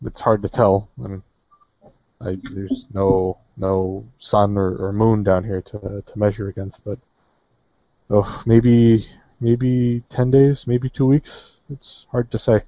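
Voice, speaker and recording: Man voicing tired, blunt female dwarf captive; lowish, muffled online audio. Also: little pitch movement, takes it slowly, no room sound. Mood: weary. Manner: plain, hesitant, sighing. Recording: muffled dry online voice chat.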